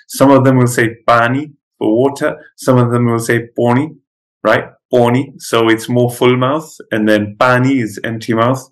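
Man, Pashto native speaker, teacher lecturing students, slightly low voice, chatty with fillers. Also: poor audio. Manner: conversational with many fillers and restarts.

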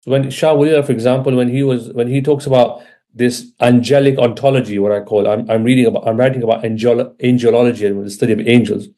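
This Islamic teacher in Britain speaks quickly at a medium pitch, with a steady, mellow tone. His religious lecture is informal and conversational, often pausing to check in with listeners.

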